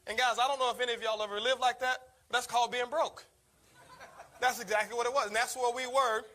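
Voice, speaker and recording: A man delivers a motivational talk at a brisk, rapid clip. His voice sits high and sounds bright and forceful. He tells his story with energy and keeps calling his listeners "guys.". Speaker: network marketing speaker.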